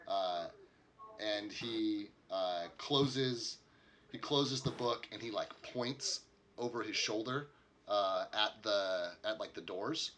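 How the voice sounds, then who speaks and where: A man's voice: lowish voice, slow pace, a bit bright, a little hiss or hum. A man narrating as a game master in a casual, rambling way, with many fillers.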